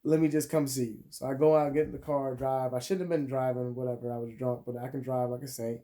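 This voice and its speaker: A young man telling a profane storytime rant as a vlogger, crude and animated, jumping between loud outbursts and muttered asides. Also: mid-range voice, quick pace.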